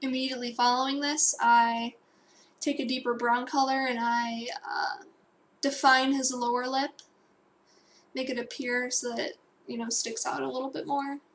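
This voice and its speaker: A woman's voice: high-pitched, flat delivery, normal speed. Rambling young woman explaining digital painting. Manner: rambling, self-correcting, with fillers and asides. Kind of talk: casual tutorial voice-over.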